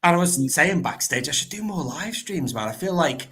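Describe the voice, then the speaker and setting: A man's voice: fairly high pitch, lively intonation, moderate pace, a bit bright. A man hosting a casual livestream, talking into a laptop microphone in a chatty, rambling way and laughing often. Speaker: livestream host.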